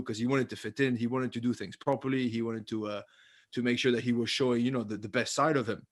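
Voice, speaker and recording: A man co-hosting a rugby podcast and telling lively anecdotes in a casual chat. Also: medium pitch, fast talker, dry recording, clean studio sound. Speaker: podcast co-host, former rugby player.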